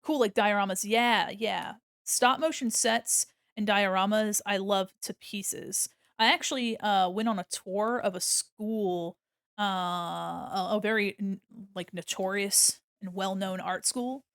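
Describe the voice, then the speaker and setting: A woman's voice: medium pitch, steady tone, a little slow, a bit bright, clean tone, dry recording, studio quality. A young woman streaming while she draws, chatting casually, rambling, laughing often and swearing freely. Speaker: art streamer. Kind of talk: casual live-stream chat while drawing.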